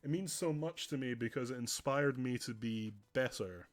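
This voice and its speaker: A man's voice: medium pitch, moderate pace, faint music behind. A man chatting earnestly on a stream, rambling with frequent restarts.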